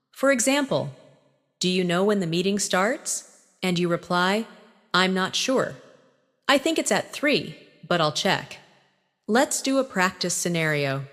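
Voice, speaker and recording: Woman, scripted lesson narrator, clear and instructive, animated pitch, recorded with noticeable reverb. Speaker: English teacher.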